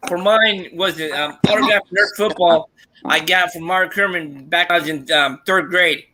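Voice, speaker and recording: A man's voice: sits high, moderate pace, noisy background. A man chatting casually who asks questions and tells short stories. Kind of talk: casual chat.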